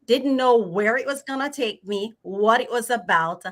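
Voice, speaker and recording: A woman's voice: a little high, normal speed. A middle-aged woman from Jamaica with a Jamaican accent, a financial planner telling her story in a friendly way as a livestream guest. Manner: friendly storytelling, filler uhs. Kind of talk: casual livestream chat.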